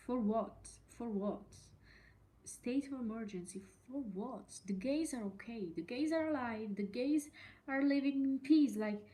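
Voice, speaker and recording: Slow-talking, indignant woman podcast host. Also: medium pitch, mellow. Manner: indignant, emphatic, swears freely, repeats herself. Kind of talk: solo podcast rant.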